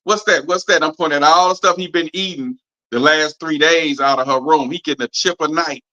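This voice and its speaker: A middle-aged man hosting a podcast, telling a family story in a drawling, animated way and acting out quoted voices. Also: fairly high pitch, a little fast, muffled recording. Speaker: podcast host. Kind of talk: casual storytelling chat.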